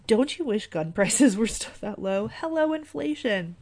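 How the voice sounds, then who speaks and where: A woman's voice: a little high, animated, unhurried, hardly any pauses, darkish tone. A woman hosting a podcast, talking casually with many fillers and wry asides. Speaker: podcast host. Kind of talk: casual conspiracy podcast talk.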